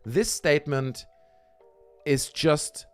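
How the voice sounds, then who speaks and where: A man ranting sarcastically on a livestream, swearing often and sinking into low angry mutters. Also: slow, soft background music. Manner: sarcastic, profane, frequently dropping into low mutters. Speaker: streamer.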